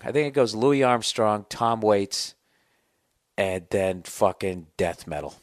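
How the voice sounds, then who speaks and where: A man in his forties rants on his podcast with sarcastic, profane asides. His voice sits a bit low. The close studio mic sounds dry. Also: slow pace, dry recording. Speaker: podcast host. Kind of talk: casual comedic rant.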